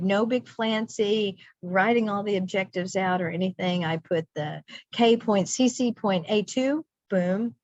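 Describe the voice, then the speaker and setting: A woman's voice: medium pitch, no room sound. A middle-aged woman presenting a teacher workshop, chatty and upbeat with playful asides. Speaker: teacher trainer. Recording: dry dull lo-fi recording.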